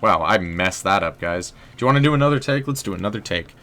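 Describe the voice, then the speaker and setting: Gravel-voiced young man streaming a game. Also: sits low, lively intonation, quick pace, pushed and bright. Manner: self-deprecating, joking, chatty with viewers. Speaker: livestreamer and writer. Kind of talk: casual gameplay commentary.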